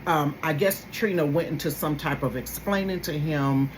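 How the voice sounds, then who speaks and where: A woman's voice: deep voice, normal speed, a little hiss or hum, poor audio. A woman, hosting a casual gossip commentary and talking straight to her viewers with sudden exclaimed bursts. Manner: animated, addresses viewers directly. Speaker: host.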